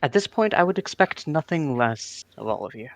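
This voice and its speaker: A man's voice: on the high side, very animated, moderate pace, gravelly, dry recording. A man player speaking in character during a tabletop game, thoughtful and formal.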